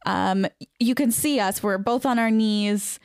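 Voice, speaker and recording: A woman's voice: medium pitch, unhurried, clean tone, no room sound, studio quality. A woman co-hosting a podcast in casual chat, teasing and laughing often. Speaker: podcast co-host.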